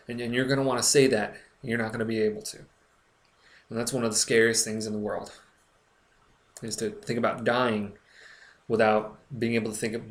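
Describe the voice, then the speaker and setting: Young guy vlogging, earnest, keeps restarting, kinda shaken, echoey room. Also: medium pitch. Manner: earnest, halting, with frequent restarts. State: recovering, emotional. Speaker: blogger. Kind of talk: personal vlog monologue.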